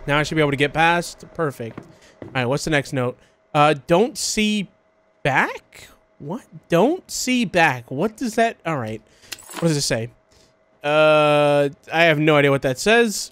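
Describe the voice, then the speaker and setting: High, lively man gaming. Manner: excitable, bursts into high yelps and laughter when chased; confused running commentary on the game. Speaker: gaming video host. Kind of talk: horror game let's play commentary.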